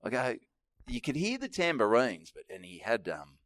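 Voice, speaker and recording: Lively laughing Australian man. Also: mid-range voice, moderate pace, no echo, clean studio sound. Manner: laughing, sweary storyteller. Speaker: podcast co-host. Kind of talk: casual chat.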